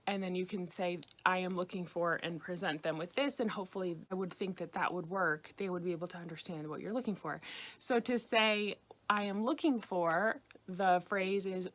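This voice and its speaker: An American woman teaching beginners a language lesson, patiently repeating phrases slowly. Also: on the low side. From United States. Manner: patient, slow repetition of phrases. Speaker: French teacher.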